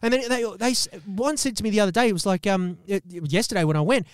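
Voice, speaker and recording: A high-pitched man co-hosting a comedy podcast, ranting in an exaggerated, foul-mouthed way and laughing as he goes. His voice sits close and dry on the microphone. He pushes each complaint for comic effect. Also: expressive, quick pace, few pauses, clear, resonant tone, dry recording. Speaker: podcast co-host. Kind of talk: comedic rant.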